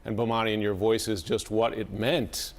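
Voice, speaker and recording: A man's voice: lowish voice, level tone, moderate pace. A man anchoring a live news panel, speaking conversationally as he affirms his guests and steers the talk.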